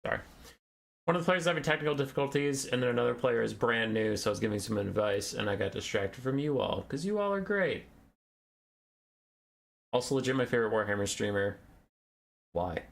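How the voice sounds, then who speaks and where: Young man, casual stream chat, rambling, mid-pitched voice. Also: lively intonation, fairly quick, creaky, long pauses. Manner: chatty, rambling, self-deprecating. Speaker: tournament host and caster.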